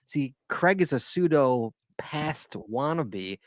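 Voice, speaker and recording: A playful man hosting a live podcast, his voice bouncing up and down as he jokes with the co-hosts. His pitch sits in the middle and rises and falls freely. The sound is close and dry. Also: slow pace, no echo. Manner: playful, teasing, lively. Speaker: podcast host. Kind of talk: casual live podcast chat.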